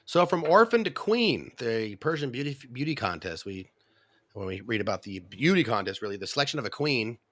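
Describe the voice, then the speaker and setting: A man's voice: medium pitch, big pitch swings, brisk, a bit bright, dry recording. A man co-hosting a casual Bible study talk show, reading historical notes aloud and joking in between. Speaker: co-host.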